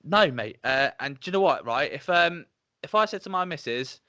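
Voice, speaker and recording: A man's voice: a little high, expressive, fairly quick, a bit bright, no echo. A man in his twenties with a Dorset accent, hosting a podcast in a casual, chatty way and swearing freely. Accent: Dorset English. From Dorset, England. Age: 20s. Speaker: podcast host. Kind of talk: casual chat.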